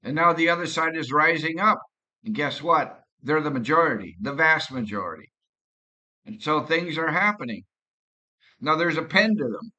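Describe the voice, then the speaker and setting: Male vlogger, casual rambling talk with restarts, bright and somewhat high. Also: animated. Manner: rambling, halting, with frequent restarts. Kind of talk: casual personal monologue.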